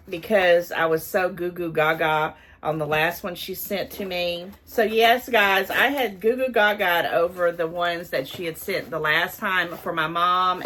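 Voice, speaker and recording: Older lady unboxing stuff, kinda low voice, all gushy, little hiss behind. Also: fairly bright tone. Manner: chatty, gushing, thankful. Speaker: haul vlogger. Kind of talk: casual unboxing chat.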